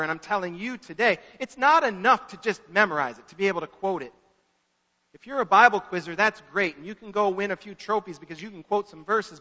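A pastor preaching a sermon in an earnest manner, repeating words for emphasis. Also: male voice, sits high, sharp tone. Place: church sanctuary. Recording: echoey church hall, dull lo-fi.

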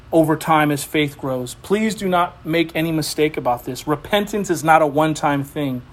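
A pastor preaching an impassioned sermon, often repeating phrases for emphasis. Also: male voice, a little high.

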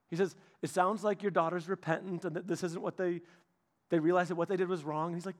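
A young man preaching a sermon, telling a personal story and acting out the voices of the people in it, going from loud to hushed. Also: sits high, fairly quick. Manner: animated, acts out quoted voices, shifts from loud to hushed. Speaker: pastor's son preaching.

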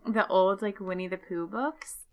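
A woman's voice: mid-range voice, steady tone, measured pace. A young woman co-hosting a podcast, telling rambling stories in a chatty, laughing way. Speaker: podcast co-host. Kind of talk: casual chat.

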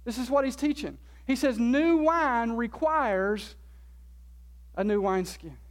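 A pastor preaching a sermon, stressing key words by slowing down and repeating them, asking the congregation questions and answering them. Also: medium pitch, lively intonation.

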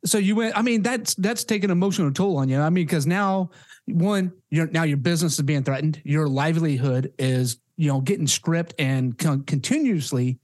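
A man's voice: fairly high pitch, moderate pace, a little mellow. A man hosting a podcast who chats casually, chiming in with short reactions and swearing freely. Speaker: podcast host. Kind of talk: casual chat.

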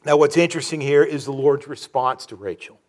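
A male pastor delivers a sermon in a somewhat high voice. He talks earnestly and haltingly, stumbling over restarts and fillers. On phrases of sorrow he sinks low and soft.

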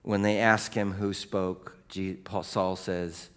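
A middle-aged male pastor preaching a sermon in a lively storytelling way, with casual conversational asides. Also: low-pitched, takes it slowly, clean tone.

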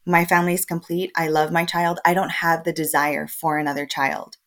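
A woman in her late twenties with a somewhat low voice, chatting as a podcast guest. She tells her story casually and with energy, laughing often and putting on little voices for the people she quotes. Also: fairly quick. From El Paso, Texas. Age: 20s. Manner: lively, often laughing, acts out quoted dialogue.

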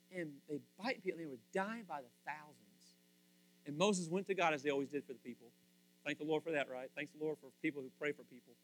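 A man preaching a sermon in a lively, playful way, acting out the people he quotes. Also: fairly high pitch. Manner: animated, playful, acts out quotes in voices. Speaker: pastor.

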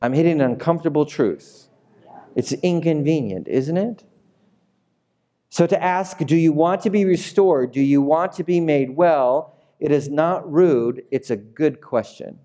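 Mellow-voiced man preaching a sermon. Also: a little high, a little slow. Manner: conversational preaching, rising to emphatic peaks. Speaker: pastor.

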